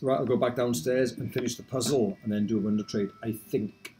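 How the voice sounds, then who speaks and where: A man's voice: mid-range voice, steady tone, a little fast, mellow, faint music behind. A man casually commenting on a video game he is playing, chatty, reading game text aloud and adding wry asides. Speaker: let's play host.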